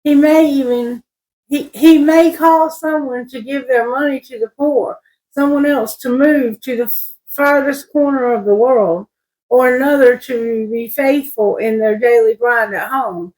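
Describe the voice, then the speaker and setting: A high, darkish-toned female voice comes through poor audio. The speaker, a tarot reader, reads scripture aloud and thinks it over in a loose, drifting manner, with frequent restarts. It's slow, rambling and self-correcting, a casual spiritual reading.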